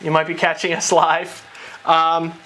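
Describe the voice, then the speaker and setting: A man co-hosting a live tech news show in a studio, chatting casually with quick joking asides. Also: a little high, completely flat delivery, sharp tone, slight background noise.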